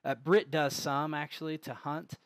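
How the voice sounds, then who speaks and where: Halting man running a tabletop game. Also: fairly high pitch, flat delivery, no echo, studio quality. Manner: halting, many fillers and restarts. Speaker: game master.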